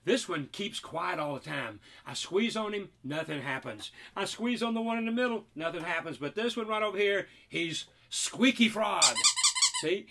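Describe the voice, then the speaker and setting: A man's voice: sits high, normal speed, background noise. A man performing a magic trick and talking children through it with playful, teasing, mock-indignant patter.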